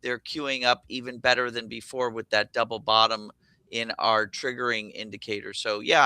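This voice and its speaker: A man breaks down a swing trade with real enthusiasm, his voice bright and forward. The sound is crisp and smooth, and the recording is dry and close. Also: fairly low pitch, unhurried, dry recording. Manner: energetic, enthusiastic, thinks aloud with fillers. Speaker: show host, options trader. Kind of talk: explaining trades on charts.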